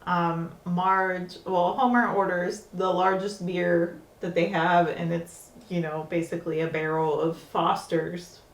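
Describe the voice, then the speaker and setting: A woman co-hosting a casual podcast episode review, chatty and quick to laugh. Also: fairly low pitch, flat delivery, reverberant, distant mic. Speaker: podcast co-host.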